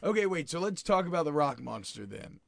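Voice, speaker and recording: A man's voice: a little high, big pitch swings, brisk, gravelly, fairly bright tone, no echo. A man hosting a casual podcast discussion about a film. He rambles, restarts his sentences and asks lots of questions. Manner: rambling, self-correcting, questioning.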